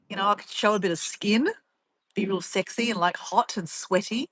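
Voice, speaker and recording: A woman's voice: mid-range voice, normal speed, a bit bright, slight background noise. An Australian woman vlogging in casual chat, rambling and teasing as she reads viewer comments, laughing often.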